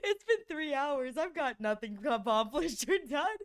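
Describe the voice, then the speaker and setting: A woman's voice: high-pitched, very animated, measured pace. A young woman streamer in casual chat, giggling often and rambling between stories.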